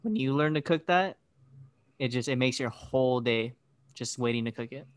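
A man's voice: medium pitch, normal speed, clean tone. A young man co-hosting a podcast in rambling, joking casual chat. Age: young adult. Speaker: podcast co-host.

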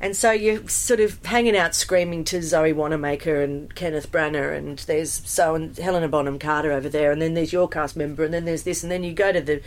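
A woman, a musical theatre performer chatting in an interview, animated and full of fillers and restarts. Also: deep voice, brisk, hardly any pauses. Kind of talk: casual interview storytelling.

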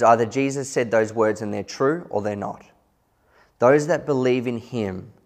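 A man preaching a sermon in an earnest, conversational way, slowing down to stress key words. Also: lowish voice, gravelly, darkish tone. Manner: loose and conversational, with small asides.

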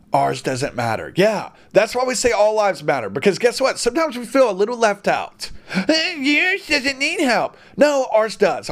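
A man with a high, lively voice that leaps up and down as he rants, blunt and a little crude, tripping over his own restarts as he pushes his point. He talks straight to his audience in a heated, argumentative monologue. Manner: heated, blunt, mildly profane, many restarts. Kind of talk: opinionated monologue.

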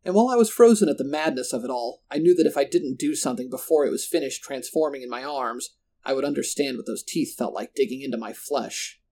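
A man tells a first-person horror story at a steady, measured pace. His voice sits in a middle pitch. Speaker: narrator.

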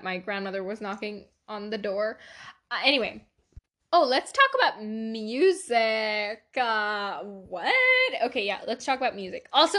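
Teenage girl, podcast host, casual solo talk, chatty, swears a lot, laughs often, slightly high voice. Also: a bit bright. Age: teens.

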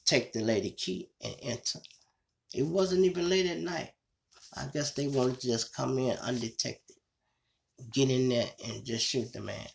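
A man's voice: mid-range voice, unhurried, gravelly. A man with a Chicago accent hosting his own show, telling a true-crime story in a casual, conversational way and often calling his listeners y'all. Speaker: show host.

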